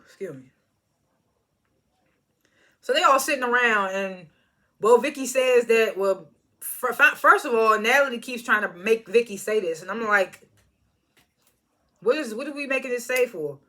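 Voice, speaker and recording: A woman's voice: on the high side, sharp tone. Chatty woman recapping reality TV. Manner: chatty, laughs often, mimics cast members. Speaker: reality show reviewer. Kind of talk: casual recap commentary.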